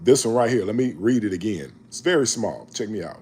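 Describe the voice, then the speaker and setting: Husky-voiced man in his forties, lively pitch; reads scripture, then riffs emphatically. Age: 40s. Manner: slow measured reading, then animated, emphatic street-talk commentary. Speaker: online Bible reader and commentator. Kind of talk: scripture reading then casual preaching talk.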